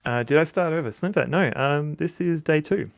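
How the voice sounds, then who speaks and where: A man's voice: fairly high pitch, moderate pace, gravelly, dry recording. A man streaming a retro game, giving wry, chuckling commentary and reading the game text aloud.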